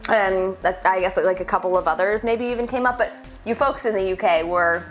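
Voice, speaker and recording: A young woman with a hoarse voice from a cold, trading dry playful banter as livestream co-host. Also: mid-range voice, brisk, soft background music. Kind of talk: casual livestream chat.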